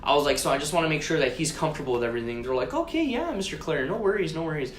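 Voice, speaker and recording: A man's voice: a little high, big pitch swings, racing. Guy on a podcast rambling thru a story, swears a lot, echoey room w/ a little hiss. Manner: profane, rambling, retells conversations. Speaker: podcast co-host. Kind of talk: casual chat, storytelling. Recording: roomy echo with faint noise.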